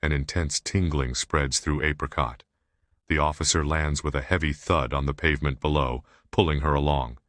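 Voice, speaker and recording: A man reading an audiobook aloud in a steady, measured narration. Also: a bass voice, dry recording. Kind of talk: scripted narration.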